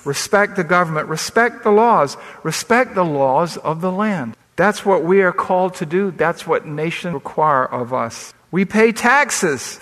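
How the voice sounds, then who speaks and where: Emphatic preacher in a reverberant hall. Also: male voice, on the high side, a bit bright. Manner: emphatic, rising into scripture readings. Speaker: pastor. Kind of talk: sermon. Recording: long reverb of a large hall.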